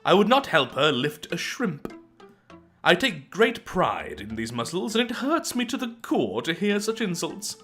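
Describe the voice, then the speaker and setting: A man's voice: high voice, wildly swooping pitch, a little slow, a bit bright, faint music behind, pitched above the performer's own voice, heavily acted. A man doing a pompous accented strongman. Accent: odd put-on foreign accent. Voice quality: pompous, formal. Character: vain muscle-proud male strongman.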